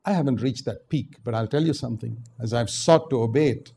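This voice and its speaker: An older man from India preaching a sermon, swinging from low asides to loud, emphatic exhortation. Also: fairly quick, creaky, breathy edge.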